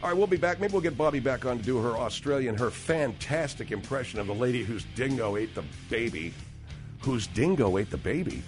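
A man hosting a comedic radio talk show, sarcastic and exasperated with quick retorts. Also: mid-range voice, lively intonation, over music.

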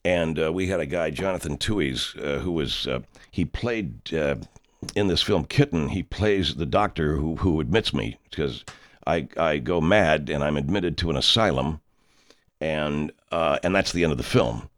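Speaking at a moderate pace with an extremely low pitch, a man delivers a comedic monologue as a pompous horror film director. Full of his own importance, the director rambles on through an anecdote, calling himself by name in the third person.

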